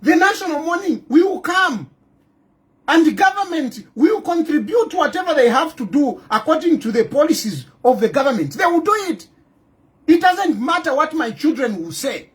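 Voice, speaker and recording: A man's voice: extremely high pitch, big pitch swings, moderate pace, a bit bright. A Zambian man in an impassioned video monologue, indignant and firing off repeated rhetorical questions. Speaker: political commentator. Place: in exile abroad.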